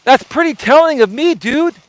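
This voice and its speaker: High-voiced man ranting in a dry room. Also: lively intonation, normal speed, no echo, poor audio. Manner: confrontational, profane, emphatic and repetitive; projects his voice loudly for emphasis. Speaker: live stream host. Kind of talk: heated live stream rant.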